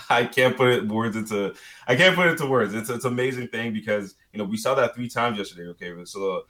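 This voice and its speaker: A man's voice: mid-range voice, brisk, a bit bright. A man talking football as a radio guest, rambling with many restarts and tag questions. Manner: rambling, many restarts and "you know, right". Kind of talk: casual sports talk.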